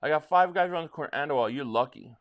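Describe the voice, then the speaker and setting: A man's voice: fairly high pitch, animated, rapid-fire. A man from South Jersey hosting a live stream, chatting casually and rambling as he answers viewer comments, with frequent restarts. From South Jersey, near Philadelphia.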